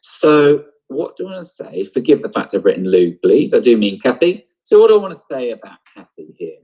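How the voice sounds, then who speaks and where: A man's voice: medium pitch, sing-song, a little fast, husky, muffled recording. A man teaching an online drama lesson, explaining step by step and thinking aloud. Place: home, on a video broadcast.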